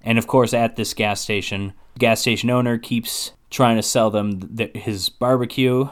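A man co-hosting a podcast, casually recapping a movie plot in a rambling, filler-heavy way with quick laughs. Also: mid-range voice, steady tone. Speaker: podcast co-host.

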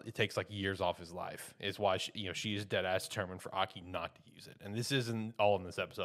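Rambling low-voiced man recapping an episode. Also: a bit bright. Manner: rambling, filler-heavy, loose and chatty. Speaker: podcast host. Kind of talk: casual anime episode recap.

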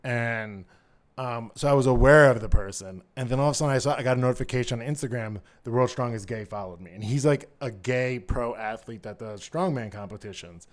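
Campy, animated male-voiced storyteller. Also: mid-range voice, a little fast. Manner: campy, animated storyteller calling everyone "girl"; laughs while telling stories. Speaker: podcast co-host. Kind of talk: casual chat.

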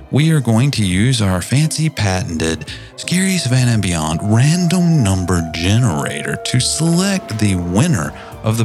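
Podcast co-host, Southern man, low and animated, teasing, faint music bed. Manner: playful, teasing. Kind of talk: casual podcast chat.

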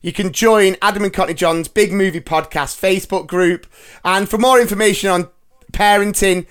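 A man's voice: high voice, steady tone, normal speed, a bit bright, clean tone. A man hosting a movie podcast, jokey, upbeat and chatty. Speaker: podcast host. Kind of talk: casual chat.

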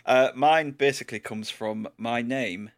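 A man's voice: medium pitch, measured pace. A man co-hosting a podcast, chatting casually and teasing his friends. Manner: teasing, jokey. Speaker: podcast co-host. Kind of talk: casual chat.

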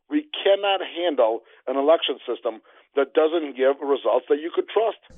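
A man's voice: medium pitch, dry recording. Emphatic man over a tinny phone line. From New Jersey. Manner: emphatic, declamatory. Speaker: guest commentator. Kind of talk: heated political commentary.

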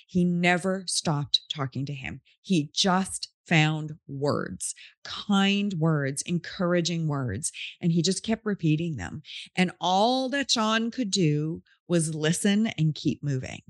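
A woman's voice: lowish voice, no echo, clean studio sound. A woman podcast host telling a story in an earnest, heartfelt, casual way.

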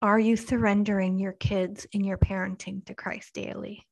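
A woman in her thirties giving an earnest devotional talk to mothers, slow and emphatic, sometimes dropping to a hushed near-whisper. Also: medium pitch, flat delivery, gravelly, poor audio. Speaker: Christian speaker to mothers.

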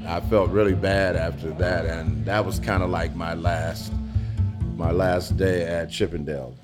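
A middle-aged man being interviewed in a pizza restaurant, telling his own story frankly with halting restarts. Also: sits low, steady tone, music in the background. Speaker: interviewee, former dancer turned business owner. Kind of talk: candid personal storytelling.

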